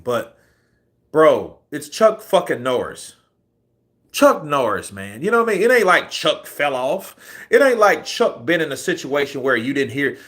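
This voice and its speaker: A man's voice: mid-range voice, a bit bright. A man in his forties, a boxing commentary host, telling a rambling, profanity-laced story in a casual way.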